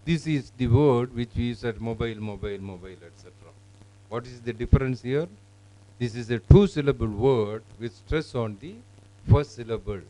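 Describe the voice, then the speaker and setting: Mellow man demonstrating software. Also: medium pitch, poor audio. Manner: explanatory, halting with fillers and restarts. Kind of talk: live classroom software demonstration.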